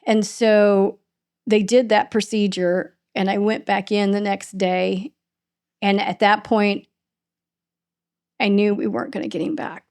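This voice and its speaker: Gravelly-voiced woman telling a painful story. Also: mid-range voice, flat delivery, darkish tone. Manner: halting, restarts and voice breaking with emotion. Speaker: podcast host, interviewed as a grieving mother. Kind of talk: emotional personal storytelling in an interview.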